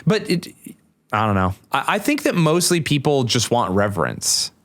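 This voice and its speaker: A man, a stand-up comic, talking in a casual podcast conversation, animated and leaping up in pitch when he mimics people. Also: moderate pace.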